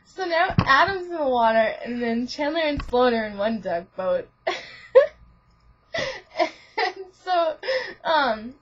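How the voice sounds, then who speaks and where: A woman's voice: sits high, lively intonation, slow, long pauses, fairly bright tone. Giggly, rambling young woman on lo-fi webcam. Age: young adult. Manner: rambling, giggly, full of "like" and restarts. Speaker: student vlogger. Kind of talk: casual chat to a friend. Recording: lo-fi webcam audio.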